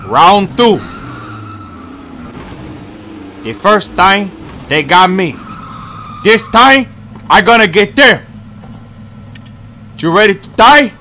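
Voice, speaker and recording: A man's voice: mid-range voice, lively intonation, measured pace, pauses often, slight background noise. A man voicing a hot-tempered gangster boss while commentating gameplay, with broken, profane threats. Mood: menacing. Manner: broken English, profane threats, shouting bursts. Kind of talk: in-character game commentary.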